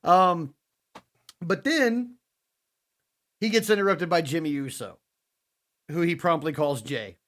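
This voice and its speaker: Lively animated man recapping wrestling. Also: a little high, slow, pauses often. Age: adult father. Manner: animated storyteller, acts out wrestlers' lines. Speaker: podcast co-host. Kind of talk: casual wrestling recap chat.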